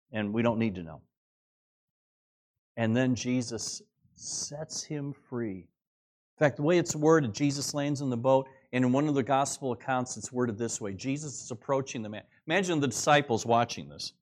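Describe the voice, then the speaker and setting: A middle-aged man preaching a sermon, earnest, shifting between quiet asides and raised, emphatic exclamations. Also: on the high side. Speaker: pastor.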